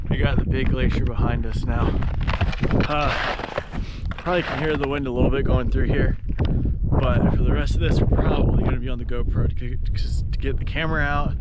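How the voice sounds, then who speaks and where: A man with a mid-range voice rambles casually through a winter hike for his travel vlog, his talk loose and packed with fillers as he catches his breath. The audio has its highs cut off and heavy background noise, and the setting moves from the wintry outdoors to the inside of a vehicle.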